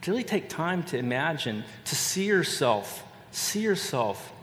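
An older man preaching a sermon as a pastor, earnest and measured, repeating phrases for emphasis. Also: on the high side, big pitch swings, a bit bright, slight background noise. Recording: echoey hall with long reverb and faint ambience.

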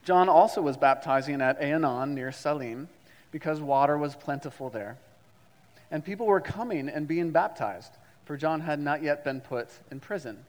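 A man's voice: on the high side, moderate pace, long reverb tail. A man preaching a sermon as a pastor, reading scripture and leading the congregation in call-and-response with repetition.

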